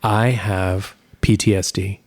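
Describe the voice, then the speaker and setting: A man's voice: low voice, steady tone, takes it slowly, a little mellow. A man co-hosting a podcast in casual chat, playful and teasing. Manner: playful, teasing, puts on a child's voice. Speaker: podcast co-host.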